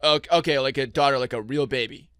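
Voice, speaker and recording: A man's voice: medium pitch, fast, fairly bright tone, no room sound, studio quality, lightly acted. A man reading the part of a wary, awkward young man from a dating show in a comic table read, hesitant and laughing.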